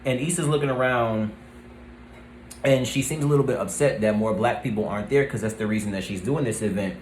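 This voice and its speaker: A man giving a casual, rambling recap of a TV episode, often pausing with "let's see" and "um". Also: lowish voice, a little hiss or hum. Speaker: TV review vlogger. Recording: roomy echo.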